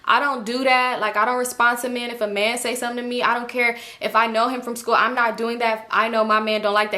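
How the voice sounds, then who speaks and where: A woman's voice: quick pace, hardly any pauses. A young woman casually telling a story to her viewers, chatty and slangy, swearing freely and acting out the people she quotes. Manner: animated, acts out quotes with a higher voice. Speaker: storytime YouTuber.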